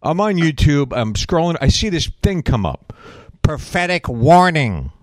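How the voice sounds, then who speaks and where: Man, talk host, lively swooping pitch, sarcastic, very dry close sound. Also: a little slow, dry recording. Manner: animated, sarcastic storytelling. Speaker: radio show host. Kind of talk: casual, mocking talk-show banter.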